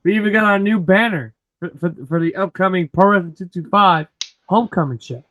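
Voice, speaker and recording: Male podcast host, brassy bright tone, joking announcer-style intros. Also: high-pitched, brisk, no room sound. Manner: loud ring-announcer hype, joking. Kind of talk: wrestling podcast hype intro.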